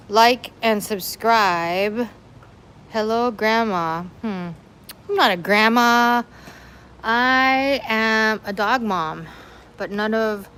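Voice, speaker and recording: A woman's voice: a little high, fairly bright tone, clear, resonant tone, poor audio. A woman vlogger chatting casually on a livestream at home, slipping into cooing baby talk to her dogs.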